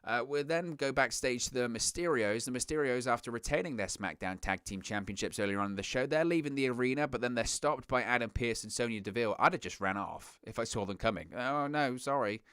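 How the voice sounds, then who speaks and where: A man's voice: mid-range voice, a little fast, a bit bright, clear, resonant tone, dry recording, clean studio sound. A man hosting a wrestling reaction show, ranting in a sarcastic, exasperated way. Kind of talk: casual reaction commentary.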